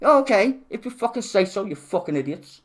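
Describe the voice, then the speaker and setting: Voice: mid-range voice, sing-song, brisk. Swearing streamer in a furious rant. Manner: angry, heavily profane ranting; sarcastic, exasperated. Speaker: livestreamer. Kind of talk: live-stream political rant.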